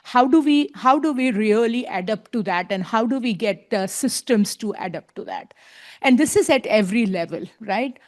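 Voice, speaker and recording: A woman's voice: a little high, lively intonation, normal speed. Earnest woman panelist. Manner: earnest, emphatic, frequent tag questions. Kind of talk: panel discussion remarks.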